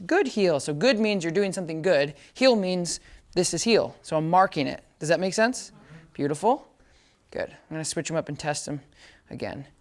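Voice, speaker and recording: A man teaching dog training in a relaxed demonstration. He explains each step casually and often checks in with the listener. His short commands to the dog come out bright and encouraging. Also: on the high side, moderate pace. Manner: chatty, keeps checking understanding. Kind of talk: casual hands-on training demo.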